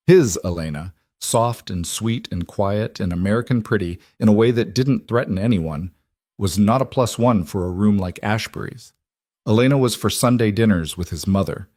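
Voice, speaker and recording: Male narrator for an audio story, low and steady, bone-dry close recording. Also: no room sound.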